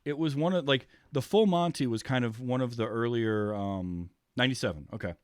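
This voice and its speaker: A man's voice: medium pitch, fairly quick, clear, resonant tone, no room sound, studio quality. A man from the United States hosting a podcast, chatting casually and rambling with many ums. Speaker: podcast host. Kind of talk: casual chat.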